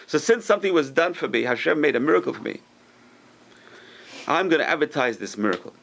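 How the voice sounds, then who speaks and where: A gravelly-voiced rabbi teaching a Torah class, telling old stories with animated energy. His voice shoots up high when he acts out what the characters say, and he often turns to ask the listeners questions. He sits at an ordinary mid pitch for a man. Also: fast. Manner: animated storyteller, acts out quotes with sudden high lifts; talks to the room, asks listeners questions.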